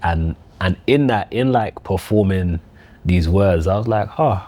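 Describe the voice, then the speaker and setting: A man's voice: sits low, warm tone. A man, speaking earnestly and reflectively about being a father in a casual chat. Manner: reflective, earnest, quick agreeing backchannels. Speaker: actor, podcast guest, father.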